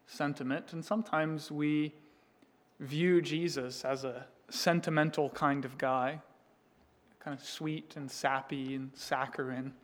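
A man preaching a sermon, conversational with restarts, growing loud and emphatic on quoted scripture and falling soft at the ends of thoughts. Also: fairly high pitch. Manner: conversational, with restarts and asides to the listeners. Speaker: pastor.

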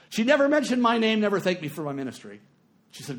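Man preaching, middle-aged, fairly high voice, hushed then emphatic storytelling. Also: big pitch swings, fast talker. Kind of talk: sermon.

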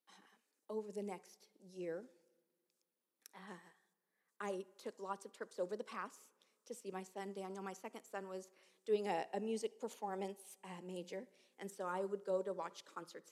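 A woman in her fifties giving a sermon with personal testimony, speaking slowly and earnestly with many halts, often dropping to a hush. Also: mid-range voice, fairly even intonation. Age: 50s. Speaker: preacher. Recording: long reverb of a large hall.

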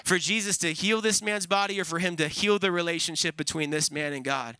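A man's voice: high-pitched, brisk, bright, forceful tone, smooth, no room sound, poor audio. A man pastor preaching an earnest, emphatic sermon, repeating key phrases for weight.

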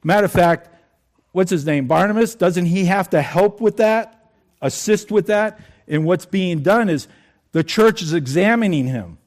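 Man, pastor, sermon, slightly high pitch, conversational, asks questions. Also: lively intonation, measured pace, a little mellow.

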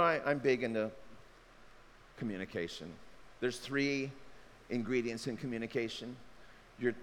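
Male pastor, expressive sermon delivery, long hall reverb. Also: medium pitch, slight background noise. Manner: animated, shifts between quiet asides and loud emphatic bursts. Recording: hall reverb with faint ambience.

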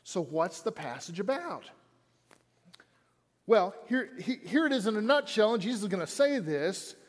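A man's voice: high-pitched, big pitch swings, moderate pace, big-room sound. A man preaching a sermon in an auditorium, in a conversational way that repeats lines for emphasis. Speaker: pastor.

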